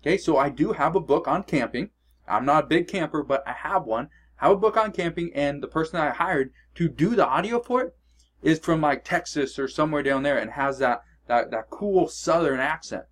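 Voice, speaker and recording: A man's voice: fairly high pitch, breathy edge. Emphatic man giving blunt advice. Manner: emphatic, keeps checking in with "okay?" and "all right?"; blunt and coaching. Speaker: online business vlogger. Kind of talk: casual direct-to-camera advice.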